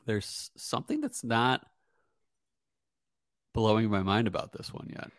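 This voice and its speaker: A man co-hosting a casual whiskey tasting, talking in a relaxed, hedging way with lots of fillers. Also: lowish voice, measured pace, no room sound, clean studio sound. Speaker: co-host, whiskey reviewer. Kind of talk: casual chat.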